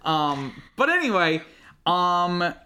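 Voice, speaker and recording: Podcast host rambling thru a movie recap, bright forceful voice, tons of ums and likes. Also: medium pitch, sing-song, takes it slowly, a little hiss or hum. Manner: rambling, filler-heavy, many ums and likes; dry, bored asides. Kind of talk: casual chat recapping a film plot.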